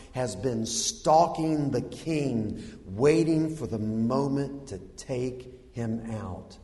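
A man preaching a sermon, telling a story in an animated, humorous way with dramatic pauses. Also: mid-range voice. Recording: long hall reverb.

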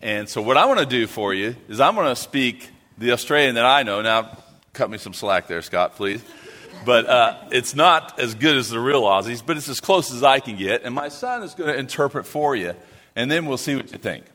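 Middle-aged male missionary, bright forceful voice, playful church talk in a reverberant hall. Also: mid-range voice, animated, normal speed. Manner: joking, playful with the audience. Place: church sanctuary. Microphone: handheld or stand mic.

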